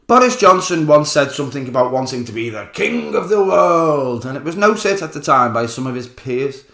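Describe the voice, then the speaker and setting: A man's voice: fairly high pitch, lively intonation, moderate pace, creaky, sharp tone. Male commentator, angry sarcastic monologue, swears freely; roomy recording. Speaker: political commentator. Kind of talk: ranting political monologue. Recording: roomy echo.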